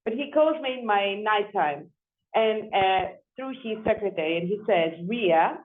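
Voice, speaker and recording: A woman's voice: medium pitch, moderate pace. Woman architect with tinny phone-like sound. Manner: repeats and restarts words, animated. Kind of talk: storytelling in an interview.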